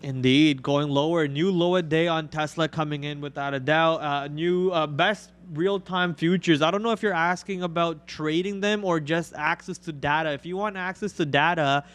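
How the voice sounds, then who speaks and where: A man's voice: fairly high pitch, steady tone, moderate pace, hardly any pauses, fairly bright tone, clean tone. A man with a Canadian accent co-hosting a trading livestream, chatting casually and joking, with plenty of fillers. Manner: joking, rambling, lots of fillers.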